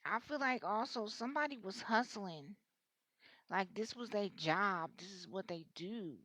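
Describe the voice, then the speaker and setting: A woman reads tarot in a loose, rambling way, cussing freely and speaking bluntly. Her pitch sits mid-range for a woman. The sound is dry, with no room around it. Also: expressive, a little slow, fairly bright tone, no echo. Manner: blunt, slangy and openly vulgar; rambling, with frequent restarts. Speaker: tarot reader. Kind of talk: casual tarot reading monologue.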